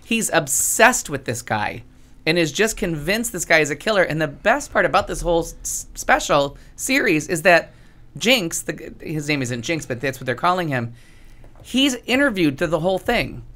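A woman co-hosting a casual chat show, talking in a chatty, sarcastic way with loud comic outbursts. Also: deep voice, sing-song, normal speed. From United States. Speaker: podcast co-host.

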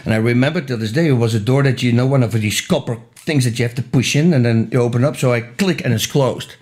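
A middle-aged man telling a wild personal story in a casual interview, animated and laughing often, with quick restarts. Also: medium pitch.

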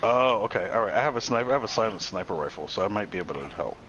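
A man playing a co-op game with a friend, relaxed and planning moves, retelling mishaps with amused disbelief. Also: fairly low pitch, racing, highs cut off, a little hiss or hum. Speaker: co-op player. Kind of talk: casual co-op gameplay chat.

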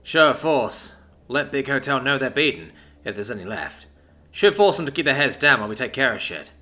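A man voicing a gruff, practical male soldier who speaks bluntly and matter-of-factly, in a narrated sci-fi story. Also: medium pitch, big pitch swings, brisk, pushed and bright.

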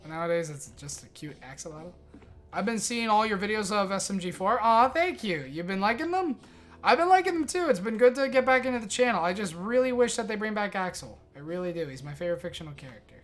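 A young man streaming a game live, chatting excitedly, swearing and thanking his viewers. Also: high voice, fast talker, soft background music.

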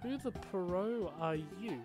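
A gamer reading out a gloating villain's lines from a handheld fantasy game in a slow, mocking, theatrical way. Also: medium pitch, expressive. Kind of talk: reading game dialogue aloud. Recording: game music playing behind. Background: game music.

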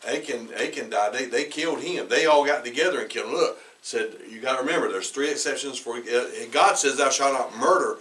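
The pastor's mid-range, bright voice carries forward as he preaches a little fast with few pauses, weaving a personal story into his sermon. His telling is loose and conversational, full of restarts and throat-clearing, and he sounds distant from the mic in the church sanctuary.

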